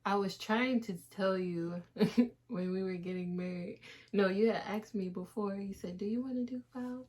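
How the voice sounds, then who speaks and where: A woman's voice: mid-range voice, normal speed, darkish tone. A young woman in her twenties casually reading out questions to her husband in a Q&A, laughing often. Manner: giggly, reads out questions. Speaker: wife, Q&A host. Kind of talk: casual couple Q&A chat.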